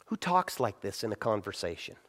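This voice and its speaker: A man's voice: lowish voice, big pitch swings, brisk, a bit bright. A middle-aged male pastor giving a conversational sermon on prayer, acting out short quotes as he tells stories. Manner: conversational preaching with acted-out quotes.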